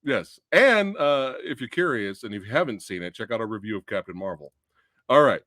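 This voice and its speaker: A man co-hosts a relaxed movie review stream and reads viewer comments aloud. His pitch swings widely as he talks, and the sound is dry. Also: no echo. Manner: lively, quick back-channel replies, shouts out viewers.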